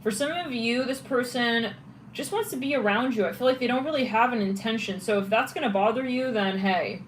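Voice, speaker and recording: A woman's voice: fairly high pitch, brisk, slight background noise, low-quality recording. A woman giving a casual tarot reading, thinking aloud and chatting through the cards with frequent restarts. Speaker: tarot reader.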